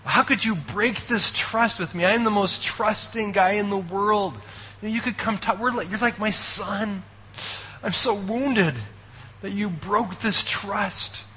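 A man's voice: high-pitched, a little slow, bright, forceful tone, in a large hall, a little hiss or hum, voice pushed up, rough recording. A man putting on the voice of a self-pitying older father-in-law, whiny and overly sincere, in a mocking tone. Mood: wounded, mocking.

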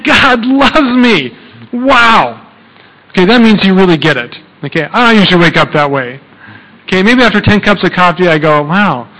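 A man's voice: high voice, a bit bright, long reverb tail, low-quality recording. A man preaching a sermon in a conversational way, often checking in with "okay?" and using fillers. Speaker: pastor.

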